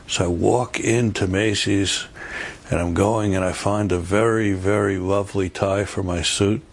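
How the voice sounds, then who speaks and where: A man's voice: lowish voice, fairly even intonation, moderate pace, gravelly. A middle-aged man, a rabbi, giving a storytelling sermon and repeating his key phrases with emphasis. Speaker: rabbi giving a holiday talk.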